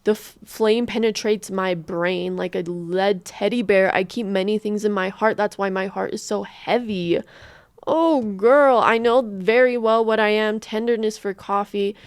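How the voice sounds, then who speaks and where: A woman from the United States giving casual reaction commentary, expressive and thinking aloud, swearing freely. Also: mid-range voice, a little slow, clean tone, no echo. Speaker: reaction streamer.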